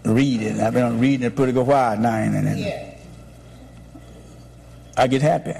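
A man's voice: mid-range voice, steady tone, moderate pace, creaky, a crowd in the background. A man, a pastor preaching a sermon with emphatic, repetitive declarations.

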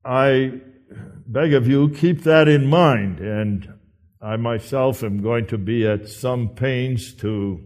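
A man preaching a sermon in an earnest, emphatic way with deliberate pauses. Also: medium pitch, a little mellow.

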